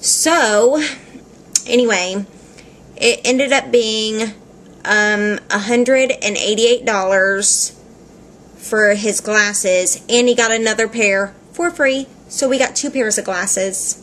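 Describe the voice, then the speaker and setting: A woman's voice: fairly high pitch, slow, a bit bright, a little hiss or hum. Chatty woman vlogger telling a story. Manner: chatty, rambling, laughs often, frequent "like" fillers. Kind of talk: casual storytelling vlog.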